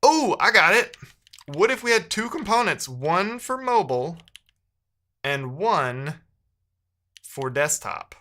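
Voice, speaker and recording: A man's voice: sits high, sing-song, slow, long pauses, bright, forceful tone. A man live-streaming while he codes, chatting casually with viewers and thinking aloud, often second-guessing himself mid-sentence.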